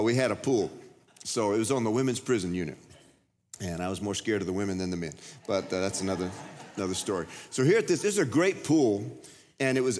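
A middle-aged man preaching a sermon as a pastor, telling stories and acting out the voices in them. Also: medium pitch. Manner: storytelling, acts out voices and shouts. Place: large church. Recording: reverberant church hall.

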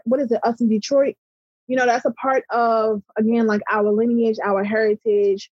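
A woman's voice: mid-range voice, slightly rough, dry recording, highs cut off. A middle-aged woman with a Baltimore accent, speaking passionately as an interview guest and often checking in with "right?". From Baltimore, USA. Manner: passionate, emphatic, repeats "right?". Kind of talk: conversational interview.

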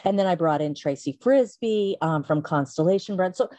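With lively intonation and a dark tone, a middle-aged woman who founded a company speaks at a moderate pace as an interview guest. She tells her story casually, voicing quotes with big pitch jumps, with no echo in the recording.

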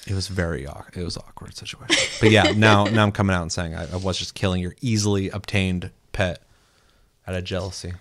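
Profane, lower-voiced man telling gaming stories. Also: a little fast, noisy background. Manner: profane, storytelling, animated quoting. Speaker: co-host. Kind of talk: casual gaming chat.

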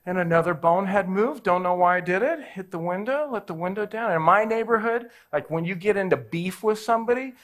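A man's voice: high voice, a little fast, few pauses. A man in his forties, a pastor telling a personal story in a sermon and acting out the voices in it. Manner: animated, acts out every voice in his story.

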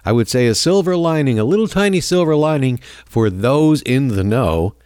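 A man's voice: mid-range voice, lively intonation, normal speed, a little mellow, no echo, clean studio sound. Sarcastic rambling male talk radio host. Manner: rambling, sarcastic, stammering restarts, chuckling. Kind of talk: opinionated political talk radio monologue.

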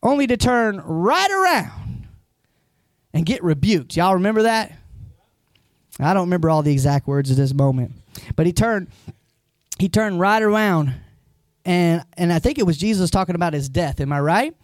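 A pastor preaches a sermon conversationally, telling stories with animation and putting questions directly to the congregation. His voice sits high, at a moderate pace with long pauses, recorded dry in studio quality.

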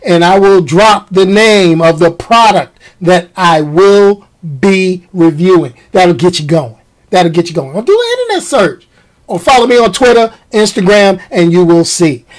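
A man's voice: high-pitched, unhurried, poor audio. A man hosting his own podcast, ranting casually to his listeners and tossing in slang. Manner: animated, talks to the audience with slang. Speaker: podcast host.

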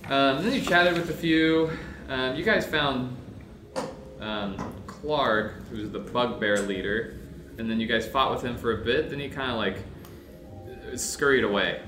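A man's voice: medium pitch, a little slow. A young man running a tabletop game, recapping the last session in a loose, laughing way with lots of fillers. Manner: casual, laughing, filler-heavy. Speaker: game master. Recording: roomy with background noise.

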